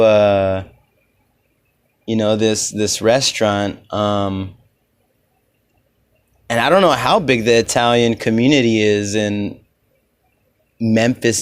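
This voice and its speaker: A man's voice: mid-range voice, smooth. A man from Los Angeles hosting a casual solo podcast, rambling loosely with lots of "you know"s. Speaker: podcast host.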